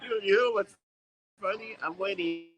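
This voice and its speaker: A man co-hosting a podcast in casual chat, reacting with excited exclamations. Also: high-pitched, moderate pace, rough recording. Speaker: podcast co-host.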